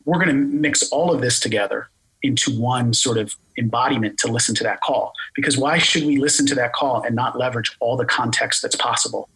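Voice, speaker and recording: A man with a Philadelphia accent explaining a technical product in an interview, talking fast and full of jargon. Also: medium pitch, a bit bright, husky, low-quality recording. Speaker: tech company guest explaining voice AI.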